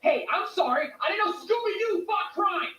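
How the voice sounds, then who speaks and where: A man's voice: extremely high pitch, lively intonation, moderate pace, sharp tone, a little hiss or hum, heavily acted. An actor playing an exasperated, sarcastic man who has completely run out of patience, heard as distant, roomy clip audio.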